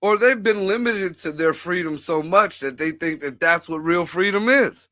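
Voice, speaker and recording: A man hosting a livestream chat, his voice bright and a little higher than most men's. He talks bluntly and swears freely as he riffs. The sound is dry and close, with no room echo. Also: normal speed. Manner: blunt, profane, riffing. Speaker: host.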